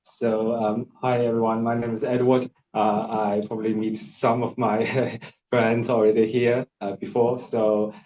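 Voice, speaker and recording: A man's voice: mid-range voice, little pitch movement, a little slow, warm tone. A man whose first language is Chinese introduces himself in English, hesitant and laughing lightly. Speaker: workshop participant. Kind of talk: self-introduction. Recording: distant from the mic.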